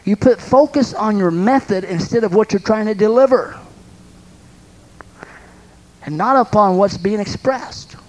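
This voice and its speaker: High-voiced man preaching with lively storytelling. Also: a little slow, long pauses, low-quality recording. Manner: lively storytelling, acts out scenes with sound effects; laughs between points. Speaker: preacher and counselor. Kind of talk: sermon.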